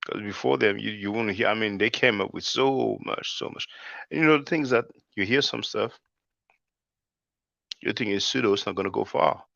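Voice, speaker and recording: A man hosting his channel speaks at a moderate pace in a lowish voice with vocal fry and a bit of brightness, no echo. His commentary is casual and loose, full of "man" and addressed to his brothers and sisters, recorded dry and lo-fi with a dull sound.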